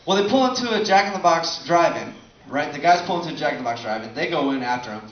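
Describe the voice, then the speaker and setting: A man with a fairly high, lively voice and a quick pace does stand-up at a bar comedy show. The set is loose and profane, full of crowd banter and frequent laughter. The audio is echoey and dull from a distant mic, with audience laughter throughout.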